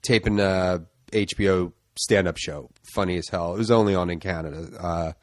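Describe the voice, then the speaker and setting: A man's voice: low voice, normal speed, no room sound, clean studio sound. A man guesting on a podcast in casual chat, talking in a laid-back, mumbly way that often trails off.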